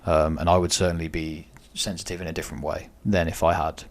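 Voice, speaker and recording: A man's voice: low voice, flat delivery, quick pace. A man co-hosting a podcast in casual discussion, thoughtful and weighing each side of the question. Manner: thoughtful, weighs both sides. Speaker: podcast co-host.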